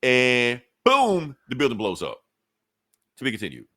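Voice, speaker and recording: Man, podcast co-host, animated comic recap, casual swearing, mid-pitched voice, dry close sound. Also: measured pace, no echo. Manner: animated storytelling, acts out characters' lines; swears casually and laughs often.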